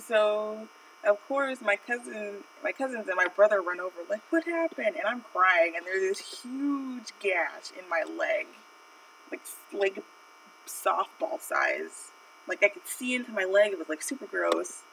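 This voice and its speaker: A woman tells a rambling childhood story on her art stream, dotted with "like" and "you know." Her mid-pitched voice carries some vocal fry. She sits a little back from the mic, and a faint electrical hum runs underneath. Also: very animated, a little slow, fairly bright tone, distant mic, low-quality recording. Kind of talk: casual live-stream storytelling.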